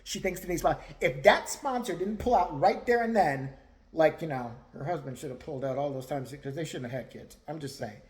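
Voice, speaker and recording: A man's voice: on the high side, fairly quick. A male vlogger ranting crudely, mocking and laughing often as he talks. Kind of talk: profane rant commentary.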